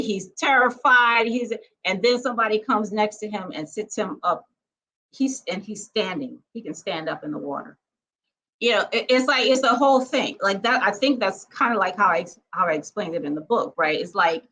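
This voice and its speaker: A woman's voice: lowish voice, a bit bright, slight background noise, low-quality recording. A woman talking in a casual vlog monologue. She is emphatic, speaks straight to her viewers, keeps asking "okay?", and laughs easily. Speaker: spiritual vlogger.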